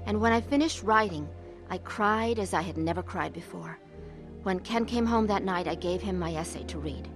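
A woman's voice: lowish voice, normal speed, faint music behind, close to an everyday voice. An actress playing a troubled middle-aged woman who narrates her own story in a radio drama, earnest and emotional. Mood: somber.

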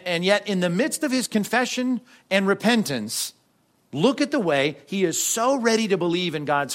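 A man preaching a sermon in a conversational way, often asking "right?" and slowing down to stress quoted scripture. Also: fairly high pitch, fairly bright tone. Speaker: pastor.

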